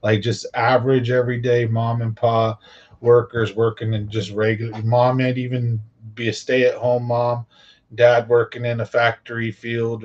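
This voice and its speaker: A man's voice: mid-range voice, a little mellow. Middle-aged male host, rambling casual monologue, muffled lo-fi recording. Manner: rambling, filler-heavy, repeats "right?".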